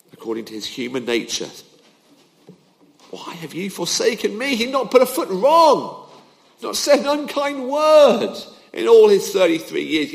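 A man preaches an emphatic sermon, his voice rising and falling to drive his points home. It sits high and has a creaky quality, and the recording carries a long hall reverb.

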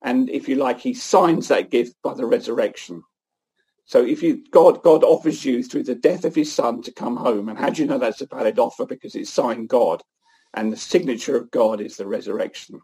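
A man giving an earnest, animated sermon-like talk at a church event. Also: medium pitch, normal speed, slightly rough. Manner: earnest, animated, often restarts phrases. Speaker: guest speaker at a church event.

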